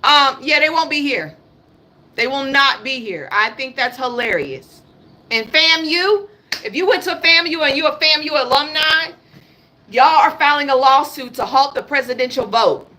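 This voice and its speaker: A woman's voice: sits high, expressive, normal speed, bright, forceful tone. A woman in her thirties speaking African American English, hosting a casual livestream and ranting bluntly, repeating her points and swearing. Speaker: livestream host. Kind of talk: casual political livestream rant.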